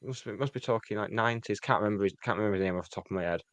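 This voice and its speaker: A man's voice: on the low side, a bit bright, no room sound. Brief: man on a fan podcast, jokey and rambling, dry studio-close voice. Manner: jokey, rambling, quick asides. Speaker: podcast co-host. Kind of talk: casual chat. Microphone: podcast mic.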